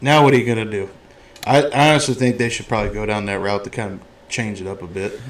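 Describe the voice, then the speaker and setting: Speaking quickly in a lowish register, a male podcast host rips through a movie discussion. His tone is relaxed but blunt and foul-mouthed, and his storytelling is animated.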